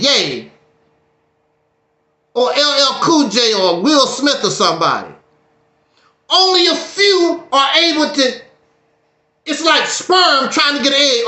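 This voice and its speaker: A man's voice: very high-pitched, bright, forceful tone. A man giving a casual livestream monologue, preachy and joking with a dramatic streak. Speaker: YouTube streamer. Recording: echoey room.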